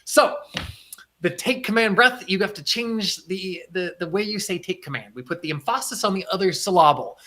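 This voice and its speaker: With a high, bright, forceful voice, a man coaches livestream viewers, speaking animatedly at a moderate pace over slight background noise. He is earnest and emphatic, repeating phrases for effect as he mixes talk with guided breathing.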